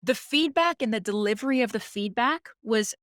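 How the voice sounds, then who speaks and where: Animated woman telling a workplace story. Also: a little high, normal speed, dry recording, clean studio sound. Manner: animated, acts out quoted dialogue. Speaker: guest, company president. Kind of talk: conversational podcast storytelling.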